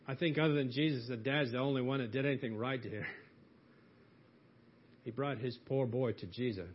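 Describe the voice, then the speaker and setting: A man's voice: medium pitch, slight background noise. A man preaching a sermon in an earnest way, lifting his voice into emphatic pleas as he quotes. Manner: earnest, rising to emphatic pleas when quoting. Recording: dull lo-fi audio.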